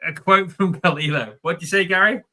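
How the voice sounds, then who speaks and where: A man hosts a live stream, chatting loosely as he reads out viewer questions. His voice sits a little high and rings very bright and forceful. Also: a little fast. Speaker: host.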